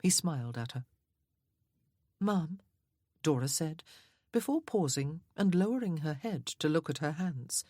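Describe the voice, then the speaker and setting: A woman narrates an audiobook in a measured, even way. Her voice sits fairly low with a breathy husk, and the recording is dry and close. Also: no echo.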